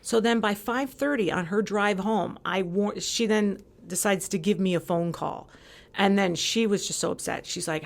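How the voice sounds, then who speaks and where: Her voice is medium in pitch and creaky, at a normal speed. She's a podcast guest from California, telling a story with animation in a casual chat and voicing both people in every exchange.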